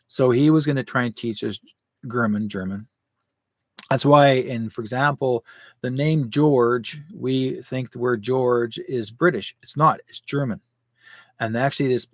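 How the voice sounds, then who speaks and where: Man, 60s, show host; rambling, conspiratorial delivery with rhetorical questions; mid pitch, dry. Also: no room sound. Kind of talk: live commentary show.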